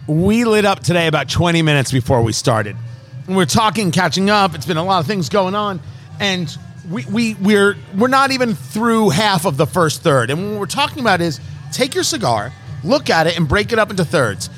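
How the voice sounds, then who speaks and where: Male host from Brooklyn and New Jersey, high voice, brash and teasing showman for a cigar chat. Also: sing-song, normal speed, fairly bright tone, faint music behind. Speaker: podcast host. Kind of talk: casual cigar review chat.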